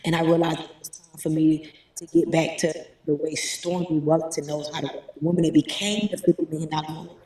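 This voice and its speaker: A woman telling stories in an animated, emphatic way as a guest, speaking from home. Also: low voice, brisk. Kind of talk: casual interview talk. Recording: roomy echo, distant mic.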